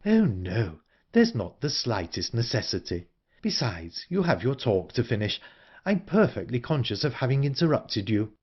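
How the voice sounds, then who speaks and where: A man voicing a calm, composed older woman in an audiobook, speaking in a measured way. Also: mid-range voice, husky, dull audio. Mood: calm, wistful. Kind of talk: audiobook character reading.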